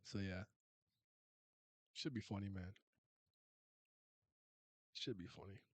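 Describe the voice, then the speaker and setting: A man's voice: low voice, slow, breathy edge, dry recording. A man in his thirties, from Canada, chatting casually and rambling with viewers as a streamer. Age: 30s. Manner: rambling, restarts and laughs, uses slang.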